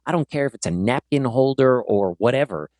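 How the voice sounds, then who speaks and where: In clean, dry studio audio, a middle-aged man hosting an interview podcast talks fairly quickly in a mid-range voice. He's an animated, casual storyteller who performs other people's lines.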